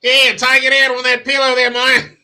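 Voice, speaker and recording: A man's voice: very high-pitched, completely flat delivery, moderate pace, sharp tone, pitched above the performer's own voice, heavily acted. A man putting on a mocking Australian bloke, crude and swaggering. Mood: mocking, loud. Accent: put-on Australian. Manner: mocking, tacks on "mate" constantly. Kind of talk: podcast commentary.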